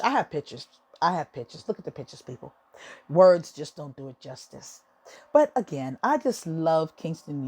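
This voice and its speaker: A woman's voice: low voice, a little mellow, slightly rough. A woman hosting a podcast from her home office, talking casually and emotionally, gushing and repeating words for emphasis. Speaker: podcast host. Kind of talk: casual monologue.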